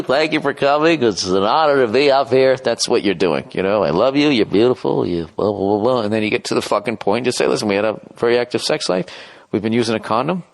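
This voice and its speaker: A man's voice: medium pitch, gravelly. Middle-aged male podcast host, profane and self-deprecating, rambling comic rant. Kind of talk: rambling comedic podcast monologue.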